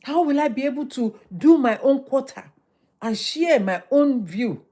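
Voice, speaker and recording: A middle-aged woman, hosting a motivational livestream, talking in a lively, preachy way and repeating phrases for emphasis. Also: high voice, unhurried. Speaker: livestream host.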